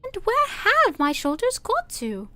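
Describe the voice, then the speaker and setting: A woman's voice: wildly swooping pitch, unhurried, pushed and bright, dry recording, faint music behind, heavily acted. A woman doing a piping little girl. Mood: earnest. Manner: high, piping and indignant. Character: earnest, truthful little girl. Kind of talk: storybook reading for a live stream.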